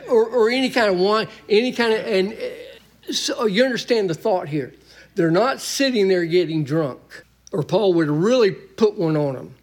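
A man's voice: high-pitched, normal speed. A man preaching a sermon in a church, folksy and emphatic, joking with the congregation.

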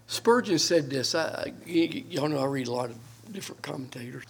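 A man's voice: medium pitch, animated, a little fast, creaky, hardly any pauses, breathy edge. An older man, a pastor, preaching a sermon on Bible verses with earnest emphasis and homely asides.

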